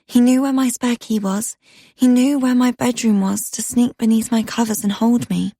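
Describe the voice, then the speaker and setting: A woman narrating a dark romance audiobook in the first person, telling it with intimate tension. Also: a little high, fairly even intonation, normal speed, no room sound, studio quality.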